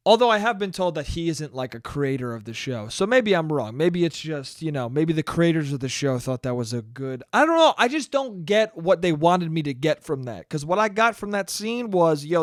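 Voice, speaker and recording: A man's voice: fairly high pitch, lively intonation, moderate pace, dry recording, clean studio sound. A young man hosting a solo podcast, ranting casually with exasperation and plenty of profanity. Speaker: podcast host.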